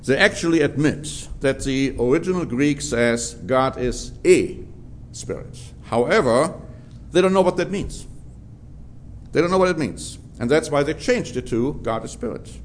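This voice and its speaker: A man preaching a Bible-teaching sermon in a measured, emphatic way, drawing out key words for stress. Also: fairly high pitch, expressive, slight background noise.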